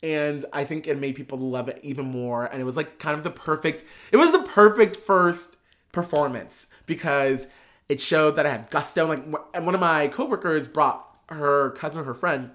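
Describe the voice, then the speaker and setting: A podcast guest and drag performer telling a casual story, animated and full of filler words and restarts, laughing and swearing along the way. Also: mid-range voice, normal speed. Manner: laughs while talking.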